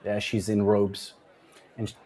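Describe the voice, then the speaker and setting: A man narrating a tabletop game as game master, chatty and relaxed, often restarting his sentences. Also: on the low side, measured pace.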